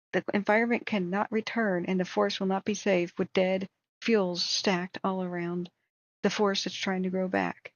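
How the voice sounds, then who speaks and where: A woman with a hoarse voice hosts a wildfire tracking livestream, venting in indignant, exasperated commentary. The audio is dull and lo-fi, with a dry, close sound and no room echo. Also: mid-range voice, steady tone, normal speed.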